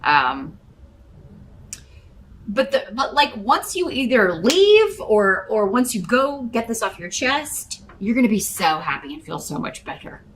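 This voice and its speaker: A woman's voice: a little high, sing-song, measured pace, fairly bright tone, a little hiss or hum, low-quality recording. A woman giving a casual tarot reading, talking straight to the listener with a rambling, hesitant flow full of fillers and restarts. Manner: addresses the listener directly as a star sign. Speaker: tarot reader.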